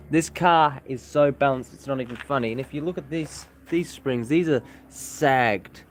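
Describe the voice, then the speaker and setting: A man giving a casual, rambling vlog walkaround of his vehicle, correcting himself as he points things out, recorded outdoors on a camera mic. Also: mid-range voice. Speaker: car repair vlogger.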